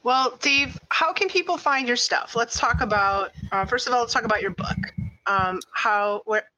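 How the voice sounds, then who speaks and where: A woman's voice: a little high, normal speed, sharp tone, poor audio. A woman hosting a casual interview, encouraging her guest. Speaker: podcast host.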